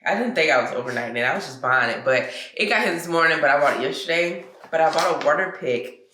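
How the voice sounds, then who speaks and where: A woman's voice: sits low, lively intonation, fast, pushed and bright, roomy sound. A young woman, just out of bed, chatting casually to her viewers while she cooks and unboxes things in her kitchen at home. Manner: chatty, talks to viewers as y'all and girl, loose casual grammar. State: just woke up. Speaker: vlogger. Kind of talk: casual chat to camera.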